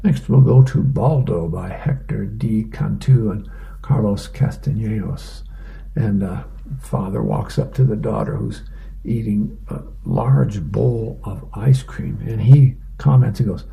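Slow, deeply gravelly man reading comics. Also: poor audio. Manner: casual, relaxed, with fillers. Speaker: volunteer newspaper reader. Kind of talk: reading comics aloud for radio.

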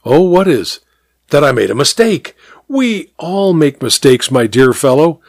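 A man voicing a genial, easygoing gentleman who reassures his friend in a breezy, upbeat way. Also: a little high, big pitch swings, unhurried, no echo, clean studio sound, exaggerated voice.

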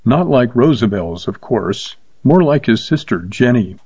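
A man narrating a short story in a steady, measured reading voice. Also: mid-range voice, husky, dry recording, dull audio. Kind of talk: scripted narration.

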